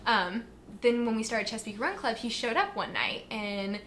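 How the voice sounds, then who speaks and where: A woman guest on a podcast, chatting casually as a fitness and nutrition coach. She tells stories in an animated way, full of fillers and acted-out quotes. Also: on the high side, moderate pace, slight background noise. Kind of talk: casual interview chat.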